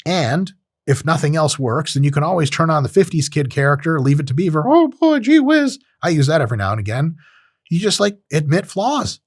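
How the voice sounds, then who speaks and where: A man's voice: on the high side, expressive, brisk, husky, no echo, clean studio sound. A man hosting a podcast, giving a blunt, profane casual monologue and acting out short voices. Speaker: podcast host. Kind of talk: casual monologue on self-improvement.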